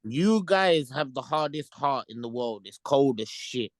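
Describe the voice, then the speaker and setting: A man's voice: mid-range voice, expressive, a little slow, no room sound. Challenging man spinning a hypothetical. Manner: challenging, lays out hypotheticals in street slang. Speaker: podcast co-host. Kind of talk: casual group chat.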